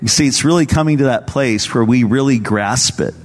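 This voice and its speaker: A man's voice: medium pitch, a little fast, big-room sound. A man preaching as a pastor at a church service, telling stories in a casual, earnest way. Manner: conversational, earnest storytelling. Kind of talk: sermon.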